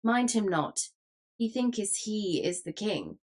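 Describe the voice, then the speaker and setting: A rough ruffian father sneers and threatens, as a woman narrator puts him on. His voice sits at a middle pitch in a storybook reading. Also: big pitch swings, takes it slowly. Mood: scornful. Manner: scornful, threatening.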